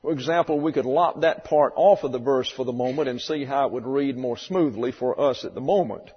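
Brief: male Bible teacher, husky voice, deliberate sermon delivery, dull lo-fi recording. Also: medium pitch. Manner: methodical, spells out Greek words letter by letter. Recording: dull lo-fi recording with long hall reverb.

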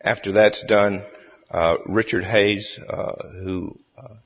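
A man chairing a church meeting, speaking haltingly with many fillers and restarts. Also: lowish voice, fairly even intonation. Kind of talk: formal meeting chairing with a joke. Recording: echoey hall, dull lo-fi sound.

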